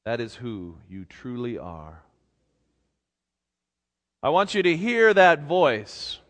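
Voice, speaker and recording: A man preaching a sermon, speaking gently and reflectively as a pastor. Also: medium pitch, wildly swooping pitch, slow pace. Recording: long reverb of a large hall.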